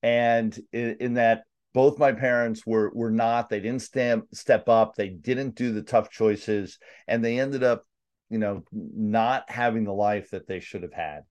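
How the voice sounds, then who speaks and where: A man's voice: on the low side, steady tone, a little slow, darkish tone. A man from Staten Island, hosting a podcast interview and reflecting in an earnest way. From Staten Island, New York. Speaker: podcast host. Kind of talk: conversational interview.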